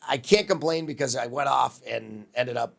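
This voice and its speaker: A gravelly man in his fifties from Wisconsin, a veteran radio host, spins stories from his early days in an interview. His pitch sits in the middle, and he jumps into the voices of the people he quotes, acting out their lines as he tells the story. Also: moderate pace.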